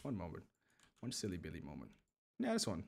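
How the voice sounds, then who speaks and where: A man's voice: sits low, huge pitch swings, fairly quick, creaky, slight background noise. A man streaming a video game, rambling and joking to himself and his chat as he plays. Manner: rambling, joking self-talk while playing. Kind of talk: gaming livestream.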